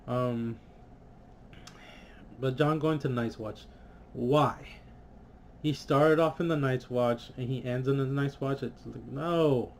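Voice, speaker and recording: A man's voice: mid-range voice, takes it slowly, long pauses, slight background noise. Exasperated man ranting casually. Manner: frustrated, swears, many fillers, animated. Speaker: vlogger reviewing a TV episode.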